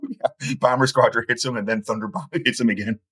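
Male podcast guest, husky, easygoing, chuckles through explanations. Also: mid-range voice, fairly even intonation, a little fast, a bit bright. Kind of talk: casual chat.

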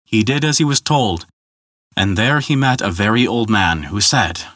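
A man narrating a folk tale in a measured, scripted storytelling style. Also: on the low side, fairly bright tone, no room sound, studio quality.

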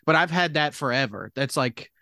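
A man's voice: fairly high pitch, animated, moderate pace, bright, forceful tone, no echo, studio quality. A man in his forties co-hosting a podcast, musing hesitantly with frequent restarts. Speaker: podcast co-host. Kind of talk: casual comedic chat.

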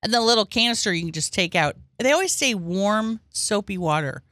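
A woman with a lively, swooping voice chats on a podcast, joking and spinning rambling stories. The sound is close and dry, with no room around it. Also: mid-range voice, a little fast, dry recording. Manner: playful, jokey, rambling storyteller. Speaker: podcast co-host. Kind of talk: casual podcast chat.

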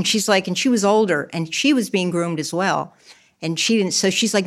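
A woman's voice: medium pitch, moderate pace, a bit bright. A middle-aged woman giving a candid personal testimony in an interview, emotional and acting out her own past words. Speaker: guest telling her testimony. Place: church.

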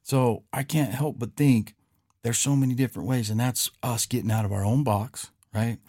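A man's voice: mid-range voice, fairly even intonation, normal speed, warm tone, slightly rough, no echo, studio quality. A man hosting a podcast, telling a parable in a casual, folksy way and acting out both people's lines. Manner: folksy, repeats "he goes", acts out both sides of a parable. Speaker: podcast host. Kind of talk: casual storytelling.

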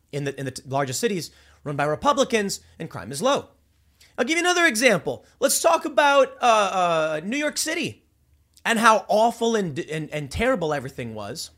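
A man from Chicago hosting a political commentary show, talking off the cuff in an animated, rambling way full of restarts and repeated words. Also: high voice, moderate pace. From Chicago, USA. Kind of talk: unscripted political monologue.

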